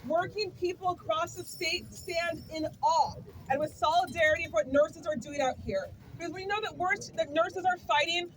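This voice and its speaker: A woman's voice: very high voice, moderate pace, hardly any pauses, a bit bright. A woman giving a rousing union rally speech outdoors, leading the crowd in call-and-response. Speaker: labor union speaker at a rally. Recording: distant mic, crowd noise. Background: cheering crowd.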